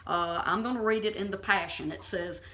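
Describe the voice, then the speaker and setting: A woman teaching the Bible in an informal, impassioned way, her voice bright and forceful. She speaks bluntly, leans hard on her points, and keeps asking "okay?" to make sure her listeners follow. Her pitch sits in an ordinary middle range. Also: fairly quick.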